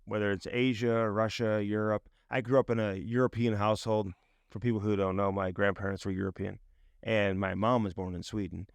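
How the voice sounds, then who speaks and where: Man, podcast co-host, lower voice, curious, laid-back, dry studio sound. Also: little pitch movement, a little fast, vocal fry, no room sound. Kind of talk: casual chat.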